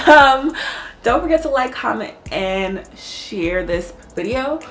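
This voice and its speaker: Animated woman vlogger swearing freely. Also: a little high, slow. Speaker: vlogger telling a story. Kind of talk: casual storytime.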